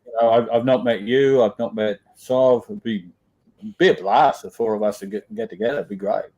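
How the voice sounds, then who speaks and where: A man's voice: on the low side, fairly quick, dark tone, dull audio. A man co-hosting a casual livestream over a video call, friendly, reading out viewer comments and chatting. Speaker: livestream co-host reading chat.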